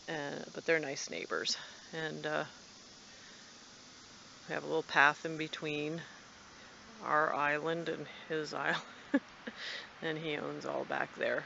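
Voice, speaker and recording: A woman's voice: deep voice, gravelly, a bit bright, slight background noise. A woman vlogging casually from her backyard and home. She rambles along chattily and coos at her cats. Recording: dull lo-fi home video.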